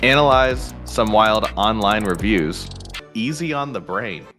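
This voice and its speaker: A man's voice: lowish voice, animated, measured pace, pushed and bright. A man introducing his podcast in an upbeat scripted promo. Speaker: podcast host in an ad. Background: music.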